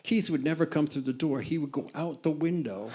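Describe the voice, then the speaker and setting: Older man, interview guest, lively storyteller, mimics voices, casual anecdotes. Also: a little high, brisk, husky. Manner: animated storyteller, acts out other people's lines. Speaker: record producer and engineer, interview guest.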